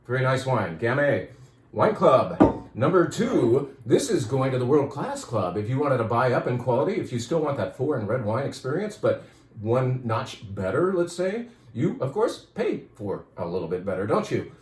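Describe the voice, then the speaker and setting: Casting: male wine shop owner, chatty and rambling, slightly winded, mid-pitched, roomy echo. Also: sing-song, normal speed. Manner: chatty, enthusiastic, rambling with restarts. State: out of breath, dry throat. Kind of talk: casual promotional talk.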